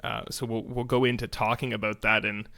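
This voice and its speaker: A man co-hosting a church podcast, retelling a Bible story in casual, animated chat. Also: on the low side, a little fast, vocal fry. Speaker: podcast co-host.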